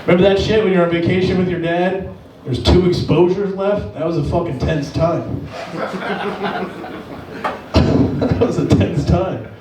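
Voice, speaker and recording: A man from Las Vegas doing a stand-up set, telling profane stories and yelling out other people's lines. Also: sits high, fairly even intonation, measured pace, long pauses, noisy background. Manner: profane storytelling, acts out shouting characters. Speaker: stand-up comedian. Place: comedy club stage. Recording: echoey club, distant mic.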